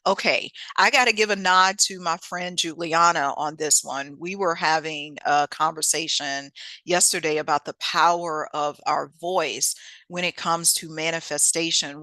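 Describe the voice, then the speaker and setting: A woman hosting a motivational self-help talk, lively and preachy, with casual speech. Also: sits low, measured pace, dry recording. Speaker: host.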